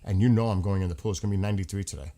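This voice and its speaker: A man's voice: deep voice, rapid-fire, mellow. A man hosting a casual livestream, rambling frankly and swearing freely. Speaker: livestream host.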